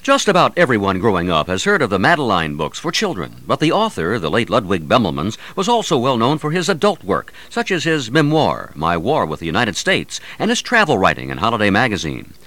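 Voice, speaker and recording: A man hosting a radio news feature, reading his script in a lively, sing-song way. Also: fairly quick, few pauses, dry recording. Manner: lively, sing-song delivery with wide swings in pitch.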